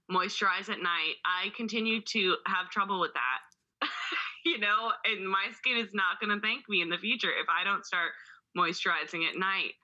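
A woman's voice: medium pitch, pushed and bright, highs cut off. A woman co-hosting a podcast in casual chat, chatty and laughing often, reading passages aloud. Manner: chatty, laughs often, calls listeners baby. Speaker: podcast co-host.

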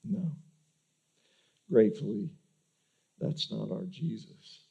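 A male pastor preaches in a loose, conversational way, stumbling over and repeating his opening words. His voice is gravelly with a dark, mellow tone. The recording sounds dull and lo-fi. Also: on the low side, lively intonation, slow pace. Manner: conversational, repeats words when starting sentences. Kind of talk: sermon.

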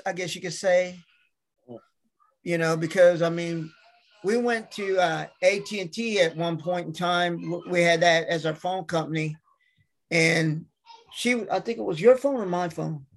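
Middle-aged man telling animated stories. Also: sits high, measured pace, gravelly, long pauses. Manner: acts out the voices of people in his stories. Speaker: interview guest, wrestler and manager. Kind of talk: casual anecdotal storytelling.

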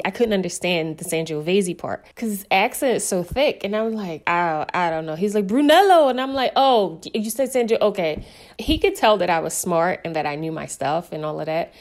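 Chatty, candid woman with a lowish voice. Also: a little mellow. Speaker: sommelier guest. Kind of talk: casual interview storytelling.

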